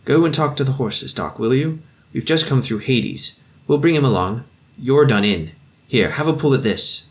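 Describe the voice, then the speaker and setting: A man reading a story voices a cheerful young infantry officer who calls out eagerly and warmly. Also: medium pitch, expressive, normal speed, pitched above the performer's own voice, lightly acted. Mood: urgent, kindly.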